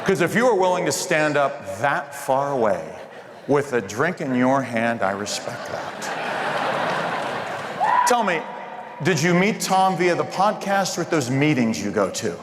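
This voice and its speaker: A man's voice: a little high, sing-song, measured pace. A man performing live stand-up comedy with playful crowd work at a hotel event. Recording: reverberant hall with crowd noise.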